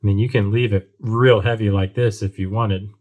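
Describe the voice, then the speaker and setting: In narrow, tinny audio, a man with a lowish, fairly even voice talks at normal speed about building a model kit. Sitting at his home workbench, he thinks aloud casually, with many ums and restarts.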